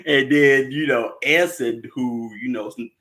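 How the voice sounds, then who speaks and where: Man, casual film recap, bright forward tone, rambling delivery, frequent chuckles. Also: mid-range voice, measured pace. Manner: rambling, chuckles often, acts out characters' lines. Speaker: movie discussion participant.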